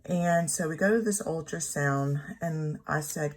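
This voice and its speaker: A woman in her thirties telling a personal story at home in a rambling, halting way, often correcting herself. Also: deep voice, slight background noise. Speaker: planner vlogger. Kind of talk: casual storytelling while journaling. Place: home room.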